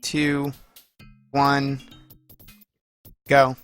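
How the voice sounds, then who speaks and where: A man chatting casually on a stream as the speedrunner, tossing off short remarks. His voice stays flat and even, with faint music behind him. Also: medium pitch, drawn-out words.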